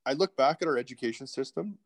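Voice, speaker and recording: A man's voice: medium pitch, fast. A middle-aged man, a guest telling candid stories in a rambling way, full of restarts and asides. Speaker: podcast guest. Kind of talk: casual interview storytelling.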